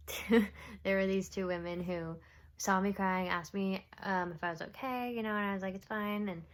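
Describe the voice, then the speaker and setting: A woman's voice: mid-range voice, steady tone, moderate pace. A young woman talking straight to camera in a casual confessional vlog. She rambles and overshares, filling gaps with ums and little laughs, and now and then drops to a whisper. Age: young adult. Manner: rambling, oversharing, with frequent fillers and soft laughs. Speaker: vlogger.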